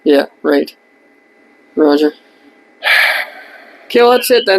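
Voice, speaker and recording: A man's voice: on the high side, expressive, takes it slowly, darkish tone, a little hiss or hum, rough recording. A man hosting a casual podcast, teasing and exasperated with his co-host. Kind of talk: casual banter.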